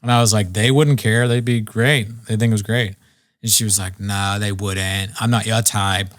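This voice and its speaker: A man's voice: lowish voice, fairly even intonation, normal speed. A young man from Virginia, casually telling rambling comic stories on a podcast and acting out the people he quotes. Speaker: podcast co-host. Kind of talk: casual comedy podcast chat.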